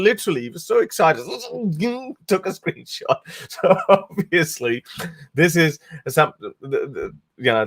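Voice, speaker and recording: A man's voice: fairly high pitch, fairly bright tone. A man hosting a livestream, talking casually in an amused, sarcastic way with frequent laughs and restarts. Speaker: host.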